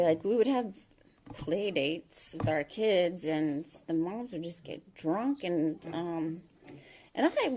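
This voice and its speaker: A woman in her thirties telling her recovery story as an AA meeting speaker. She speaks candidly and haltingly, with many ums and restarts. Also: mid-range voice, breathy edge.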